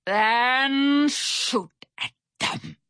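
A woman's voice: sits high, very slow, fairly bright tone, smooth, no echo, clean studio sound, pitched above the performer's own voice, heavily acted. Woman playing a growling pirate captain. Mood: furious. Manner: growling, barking orders. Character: angry bossy male pirate captain.

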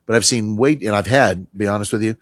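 A man's voice: fairly low pitch, fast, dry recording. A middle-aged man hosting a radio advice segment on retirement taxes, conversational and emphatic, dropping his voice for asides. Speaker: radio show host, retirement tax advisor.

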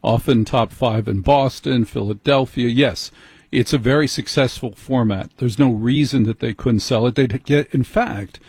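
A man's voice: mid-range voice, moderate pace, a little mellow, slightly rough, dry recording. A man hosting an interview, sharing strong opinions in a conversational way. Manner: opinionated, mimics others for effect. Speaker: host.

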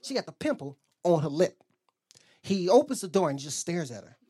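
A man doing a stand-up comedy set, animated and profane, jumping into high squeaky voices when he quotes people. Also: normal speed, slightly rough. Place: comedy club stage. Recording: roomy club sound with a laughing crowd.

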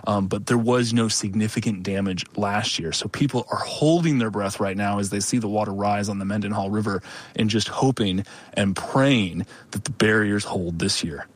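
A man reporting from the field in a measured, low voice, pausing on the odd filler and restarting a phrase now and then. His sound is dry and close, with no room echo. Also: slightly rough. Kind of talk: live news report. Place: outdoors near a flood zone.

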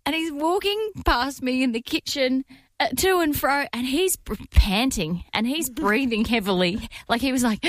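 A woman tells a story on air with lots of laughter. Her pitch leaps up and down as she talks. The sound is close and dry, with no room around it. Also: animated, moderate pace, dry recording. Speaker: radio host. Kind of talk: casual storytelling chat.

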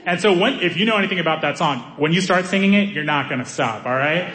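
A man doing stand-up comedy, telling a story in an animated way and acting out the people in it. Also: fairly high pitch, fast talker. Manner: animated, acts out characters' voices.

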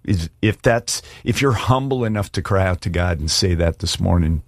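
A man's voice: deep voice, animated, normal speed, dry recording. A middle-aged man preaching a sermon and making an earnest, pleading altar call. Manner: earnest, pleading, shifts from hushed prayer to emphatic. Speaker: pastor.

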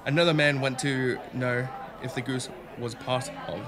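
A man's voice: medium pitch, fairly even intonation, natural voice. Man doing apologetic young German backpacker, put-on German accent, stumbling delivery, noisy crowd behind. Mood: sheepish. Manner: halting, apologetic, stumbles over lines. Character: young male German backpacker working at a winery.

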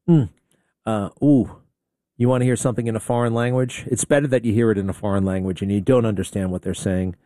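A man's voice: fairly low pitch, mellow, dry recording, studio quality. A man hosting a talk radio show, rambling through an opinionated monologue with sarcasm and indignation.

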